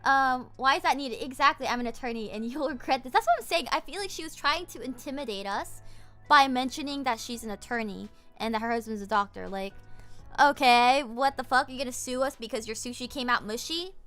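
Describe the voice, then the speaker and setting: Woman, streamer, high voice, sharp and bright, exasperated casual storytelling, swears, faint music behind. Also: fairly quick. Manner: exasperated, swearing, animated retelling.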